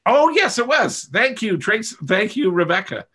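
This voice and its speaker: Fairly high-voiced man teaching a webinar. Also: very animated, moderate pace, bright, forceful tone. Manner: explains patiently, checks in with listeners, many restarts. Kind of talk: live online teaching session. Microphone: video call microphone.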